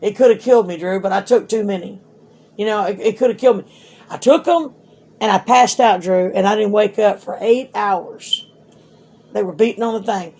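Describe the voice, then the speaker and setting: A middle-aged woman talks to her grown son, spinning long stories in a blunt, animated way. She swears freely and talks to him straight. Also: medium pitch, normal speed, slightly rough. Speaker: mother talking to her son. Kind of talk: casual storytelling.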